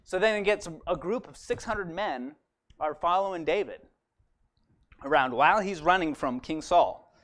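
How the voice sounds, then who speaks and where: A man in a church, retelling a Bible story in a chatty, animated way and often asking "right?". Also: a little high, moderate pace. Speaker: church speaker. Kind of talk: casual storytelling sermon.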